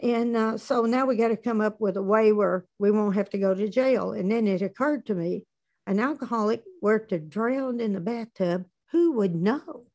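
A woman giving a personal testimony at a recovery meeting, telling her story plainly with dark humor. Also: mid-range voice, moderate pace.

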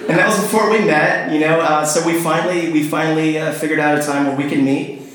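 A man's voice: on the high side, steady tone, quick pace, a bit bright. A man telling a rambling personal story, with many fillers and restarts, often laughing and acting out phone calls. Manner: acts out phone calls in quoted voices. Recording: very echoey room, faint noise.

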